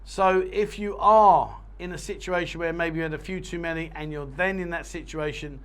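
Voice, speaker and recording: A man's voice: a little high, fairly even intonation, normal speed, a bit bright, smooth. A man giving cheeky, chatty advice straight to camera in a blokey, joking way.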